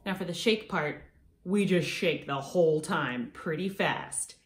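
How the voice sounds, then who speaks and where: Brief: young woman music teacher, low-ish voice, cheerful beat counting, echoey home room with faint hiss. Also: expressive, a little slow. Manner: upbeat, encouraging, counts beats aloud. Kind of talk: children's music lesson.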